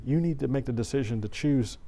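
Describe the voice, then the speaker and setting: A middle-aged man preaching at a church service at an ordinary pitch. He tells a personal story in an animated, conversational way, often restarting his sentences. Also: a little fast, gravelly.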